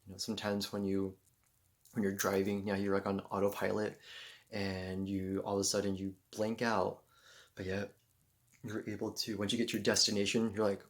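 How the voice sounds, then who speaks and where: A man telling a personal story in a casual, rambling way, full of fillers and loud acted-out exclamations. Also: deep voice, level tone, brisk. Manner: acts out moments with loud shouted exclamations.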